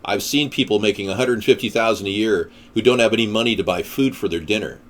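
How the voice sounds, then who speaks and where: A man's voice: fairly low pitch, fast talker. A man delivering a ranting political monologue in a combative, sarcastic manner. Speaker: political commentator.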